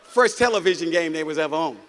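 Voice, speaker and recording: A man's voice: on the high side, lively intonation, fast, long reverb tail, slight background noise. A man from Mississippi giving a motivational speech in a large auditorium, telling stories and calling out to the crowd, with the audience laughing along. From Mississippi, United States. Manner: preachy, storytelling, calls out to the crowd. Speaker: motivational speaker.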